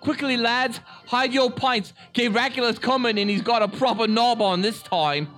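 A man's voice: very high voice, fairly bright tone, faint music behind, pitched above the performer's own voice. A man voicing a boozy British pub lad in a put-on British accent, stretching out the lines. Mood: hamming. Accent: put-on British, drifting. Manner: exaggerated, drawn-out delivery.

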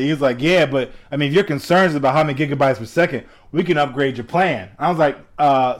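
A young man casually telling a story, acting out both sides of a phone call, animated and laughing often. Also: on the high side.

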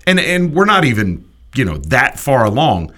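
Bright-voiced man ranting on sports talk. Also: medium pitch, normal speed. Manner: animated, emphatic ranting with restarts. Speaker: sports talk show host.

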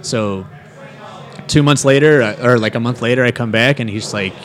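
A man's voice: mid-range voice, moderate pace, a bit bright. A young man, a wrestler, telling a story in a casual interview, rambling with lots of fillers and acting out quotes. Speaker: professional wrestler.

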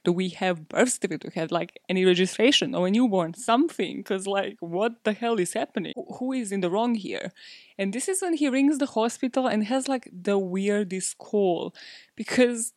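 Woman podcast host, casual true crime storytelling, chatty, dry close mic, mid pitch. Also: brisk, a little mellow, no echo. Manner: chatty, acts out quoted dialogue.

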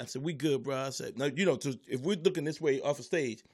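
A man's voice: mid-range voice, fast, darkish tone, breathy edge. A man who is a stand-up comedian, casually telling a story and acting out the voices and noises of the people in it.

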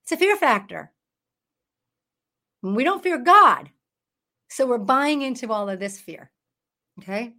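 A woman's voice: a little high, big pitch swings, slow pace, pauses often, bright, forceful tone. A woman hosting an online Bible study, preaching in a chatty, emphatic way into her phone. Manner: chatty and emphatic, breaks into laughs and mock voices. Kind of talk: casual preaching to camera.

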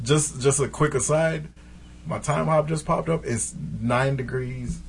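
A man co-hosting a casual talk show, loud and laughing, swearing and making movie references. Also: on the high side, a little slow, gravelly, slightly rough. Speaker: podcast co-host. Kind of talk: casual chat.

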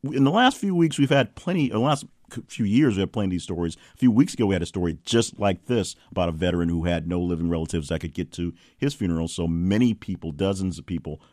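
A man's voice: low-pitched, expressive, fast talker, a little mellow, dry recording, clean studio sound. A male podcast host reading news headlines and adding wry, playful asides. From Southern US.

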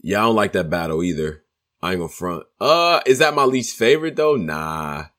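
A man co-hosting a podcast, chatting casually and expressively, quick to laugh. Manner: expressive, quick to laugh, swings his voice high and low. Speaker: podcast co-host. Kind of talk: casual chat.

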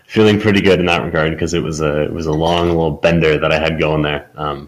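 A man talking as a guest on a casual podcast, halting and trailing off with many pauses. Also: extremely low pitch, fairly bright tone, low-quality recording.

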